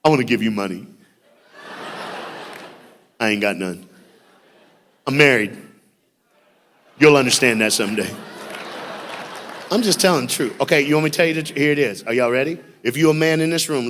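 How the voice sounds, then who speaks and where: A man preaches to a church congregation. He tells stories and jokes, getting loud at some moments and going quiet at others. His voice carries a long reverb from the church hall. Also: mid-range voice, brisk, pauses often. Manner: animated storytelling with jokes, shifting from loud bursts to hushed. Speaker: youth speaker. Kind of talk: sermon.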